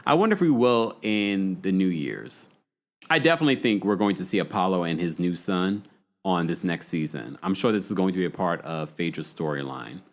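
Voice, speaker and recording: A man hosting a casual livestream recap, chatting with his viewers and reading their comments aloud, talking in an animated way with frequent laughs and sudden jumps in pitch for emphasis. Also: fairly quick. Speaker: host reading live chat.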